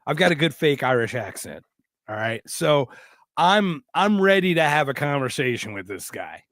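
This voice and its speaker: Animated high-voiced podcast host. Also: male voice, normal speed, no echo, studio quality. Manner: animated, joking, profane. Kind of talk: casual storytelling chat.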